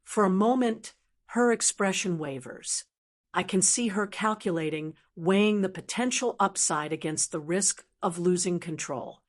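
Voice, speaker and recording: A woman reads a scripted first-person story in a mid-pitched voice, keeping her narration steady and measured from start to finish.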